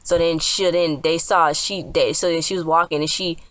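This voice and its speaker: A woman's voice: sits low, fairly even intonation, normal speed, a bit bright, no echo. A woman casually recapping a TV episode, rambling with lots of fillers and restarts. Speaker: TV episode reviewer.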